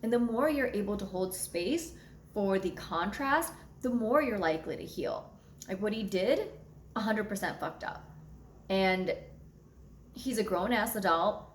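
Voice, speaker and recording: A woman's voice: medium pitch, animated, measured pace, echoey room, a little hiss or hum. A young adult woman astrologer telling a personal story to her viewers in a candid, blunt way, swearing freely. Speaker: astrologer and channel host.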